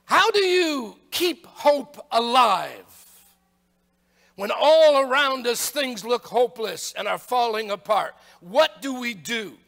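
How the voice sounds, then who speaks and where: Pastor, male, very high and bright voice, slow emphatic preaching. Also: animated, gravelly. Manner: emphatic preaching, rising to shouts on rhetorical questions. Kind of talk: sermon. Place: church sanctuary. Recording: long church hall reverb.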